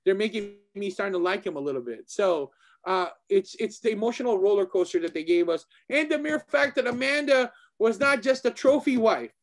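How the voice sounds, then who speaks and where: Excitable man with a high voice. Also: fairly quick. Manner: animated, excitable, repeats himself. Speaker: martial arts instructor and co-host. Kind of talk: casual chat.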